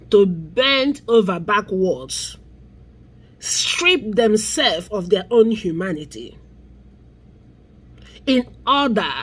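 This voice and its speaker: Husky Nigerian woman giving heated commentary. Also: medium pitch. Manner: emphatic, drawn-out stresses on key words. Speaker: vlogger. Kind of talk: impassioned social commentary.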